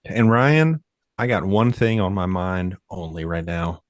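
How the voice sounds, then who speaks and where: A man's voice: low-pitched, lively intonation, a little slow, dry recording, clean studio sound. A man co-hosting a podcast in casual, playful, teasing chat. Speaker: podcast co-host.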